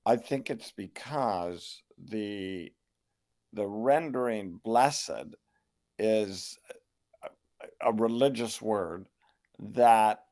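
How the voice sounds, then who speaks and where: Older man, measured and reflective scholar. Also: fairly low pitch, mellow. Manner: measured, reflective, with many restarts and hedges. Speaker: New Testament scholar and Bible translator, guest. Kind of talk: thoughtful interview answers.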